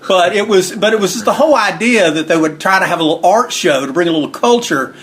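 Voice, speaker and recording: A man's voice: lively intonation, quick pace, fairly bright tone. A man being interviewed about the wrestling book he wrote, telling long casual stories and acting out quotes in a raised voice. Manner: rambling, acts out quotes with raised pitch. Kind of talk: casual storytelling.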